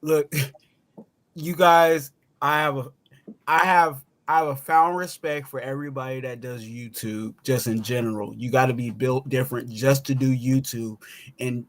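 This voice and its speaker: A man's voice: medium pitch, steady tone, unhurried. A man, a guest on a casual podcast, sleepy from just waking up, stammering and repeating words as he talks. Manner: stammering, repeats words while starting sentences.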